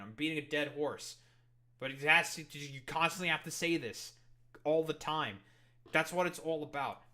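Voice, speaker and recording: A man's voice: a little high, bright, forceful tone. A man giving casual reaction commentary, ranting and sarcastic, swearing constantly. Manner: profane, ranting, heavy swearing; sarcastic, mocking.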